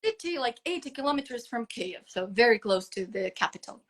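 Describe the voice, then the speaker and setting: A woman with a Ukrainian accent speaks English as a second language on a live phone video interview. Her voice sits fairly high, and she searches for words with frequent fillers and false starts. There is a raw, emotional openness in how she talks. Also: lively intonation, fairly quick, a bit bright. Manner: hesitant, many fillers and restarts. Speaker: guest teacher. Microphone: phone on a live video call.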